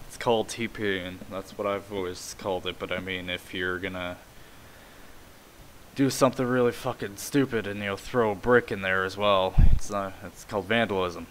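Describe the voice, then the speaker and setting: A man's voice: low-pitched, steady tone, normal speed, a bit bright, slight background noise, low-quality recording. A man from Canada, talking in a casual vlog in a rambling, offhand way and swearing now and then.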